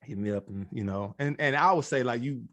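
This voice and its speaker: A man's voice: mid-range voice, fairly quick, fairly bright tone, no echo. A man hosting a podcast in a laid-back casual chat, laughing often and leaning on filler phrases. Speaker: podcast host.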